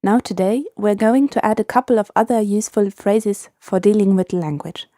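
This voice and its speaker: A woman with a mellow, warm tone hosts a scripted language lesson. She speaks clearly and patiently and repeats phrases slowly so learners can follow. Her voice is recorded dry and close, with no room sound. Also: mid-range voice, dry recording.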